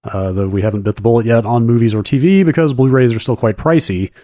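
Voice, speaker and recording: A man co-hosting a podcast, reading a listener email in a steady, matter-of-fact way. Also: medium pitch, quick pace, dry recording. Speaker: podcast co-host. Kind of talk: casual chat and email reading.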